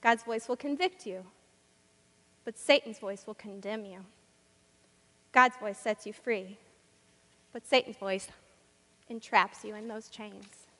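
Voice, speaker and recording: A woman's voice: medium pitch, takes it slowly, long pauses, sharp tone, in a large hall. A woman preaching a sermon in a church, with rhythmic, repetitive and emphatic delivery.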